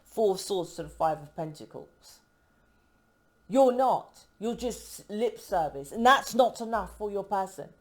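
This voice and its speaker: Woman tarot reader from the UK, mid-pitched, talks in emphatic rambling runs and checks in with "right?" all the time. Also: animated, unhurried. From United Kingdom. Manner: emphatic, rambling, cuts herself off mid-word; keeps asking "right?" for agreement. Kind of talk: casual tarot reading to camera.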